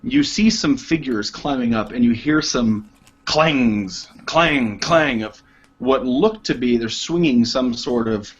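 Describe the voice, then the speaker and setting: A man narrating as game master of a tabletop game, in an unhurried, hesitant way with many fillers. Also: medium pitch, lively intonation, husky, lo-fi sound.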